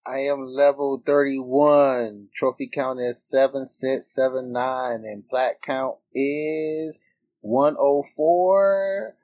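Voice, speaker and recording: A man who is a returning guest on a casual podcast, talking slowly and hesitantly and laughing easily. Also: medium pitch, fairly even intonation, no room sound, dull audio. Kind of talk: casual chat.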